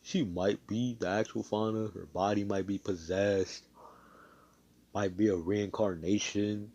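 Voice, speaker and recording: A man's voice: on the low side, fairly even intonation, unhurried, darkish tone, dull audio, a little hiss or hum. A man voicing a cocky laid-back young hero. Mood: carefree. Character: brash carefree young male hero. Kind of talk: improvised fan-story voicing.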